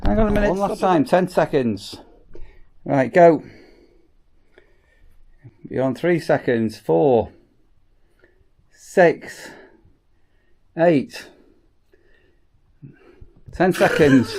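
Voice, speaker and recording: A man's voice: on the high side, lively intonation, slow, pauses often, darkish tone. A middle-aged man with a Northern English accent, teasing and joking in casual vlog banter. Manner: teasing, jokey, laughs often. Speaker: vlogger.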